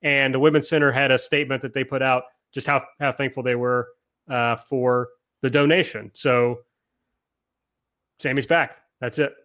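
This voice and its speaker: A man's voice: medium pitch, little pitch movement, normal speed, bright, forceful tone. Chatty man hosting a podcast. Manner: chatty, reads from notes, self-deprecating. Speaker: podcast host. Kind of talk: casual chat, recapping wrestling.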